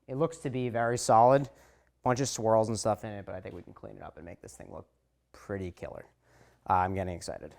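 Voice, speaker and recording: A man talking to the camera in a garage, calmly explaining each step of polishing a car. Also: on the low side. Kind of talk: casual how-to talk to camera.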